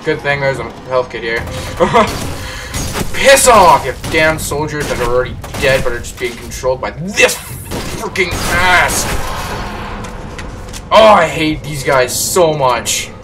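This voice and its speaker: A man commentating a horror game as he plays, jumpy, swearing and yelling at the enemies. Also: a little high, lively intonation, slow. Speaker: let's play gamer. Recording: distant mic with game music behind.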